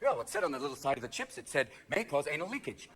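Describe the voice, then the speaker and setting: Manic high-pitched male stand-up comic. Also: sing-song, gravelly, background noise. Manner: manic, shouting, rapid voice switches and impressions. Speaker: stand-up comedian. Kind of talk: stand-up comedy set. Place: large theater with live audience. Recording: live theater recording with crowd laughter. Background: audience laughter and applause.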